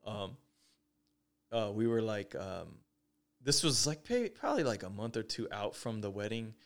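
A man's voice: on the low side, big pitch swings, normal speed, gravelly. A young man hosting a podcast in casual chat, laid-back and laughing, with lots of fillers. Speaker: podcast host.

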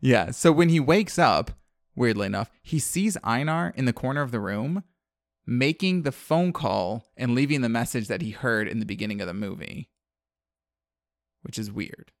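A man casually retelling a film's plot, animated and acting out the characters' lines. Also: mid-range voice, normal speed, no echo, clean studio sound. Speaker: podcast co-host recapping a film. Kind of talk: casual chat.

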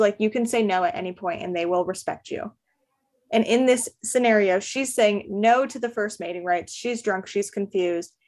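A woman recapping a romance novel in casual podcast chat, chatty and full of "like" fillers, laughing often. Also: mid-range voice. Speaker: podcast guest.

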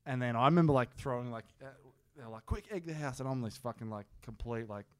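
A man's voice: mid-range voice, quick pace, smooth, no echo. A man co-hosting a casual podcast, swearing often as he tells a story. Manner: swears often, laughs while telling stories. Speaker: podcast co-host.

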